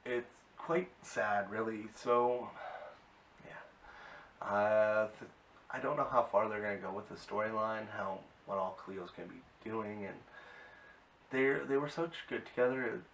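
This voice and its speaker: A man's voice: fairly low pitch, unhurried, fairly bright tone. A man casually recapping and reviewing a TV episode, rambling with many fillers and open enthusiasm. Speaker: video reviewer. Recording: distant mic with faint hiss.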